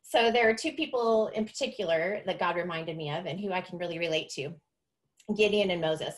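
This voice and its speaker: A woman's voice: lowish voice, a little fast. A woman hosting a podcast, telling her faith story in an earnest, confessional way. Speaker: podcast host. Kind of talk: personal faith testimony podcast.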